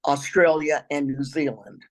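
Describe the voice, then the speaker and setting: An older woman with a raspy voice, a retired teacher telling travel stories as an interview guest, now and then clearing her throat. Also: sits low, steady tone, a little slow, low-quality recording. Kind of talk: storytelling interview answers.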